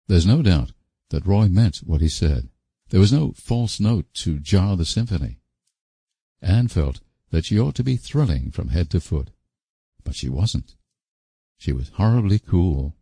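A man narrating an audiobook in a measured, expressive storytelling manner. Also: deep voice, slightly rough, dry recording. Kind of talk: scripted narration.

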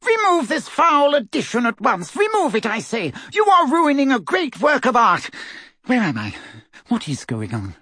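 A man's voice: high-pitched, wildly swooping pitch, takes it slowly, fairly bright tone, dry recording, studio quality, voice pushed up, exaggerated voice. A man voicing a cold, snide old male wizard in a talking portrait, imperious and supercilious, in a storybook reading. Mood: outraged.

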